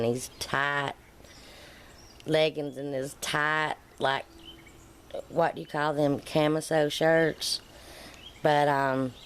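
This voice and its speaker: A woman's voice: a bass voice, slight background noise. A middle-aged woman, vlogging in a casual storytelling way and acting out the dialogue as she tells it. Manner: animated, acts out quoted dialogue.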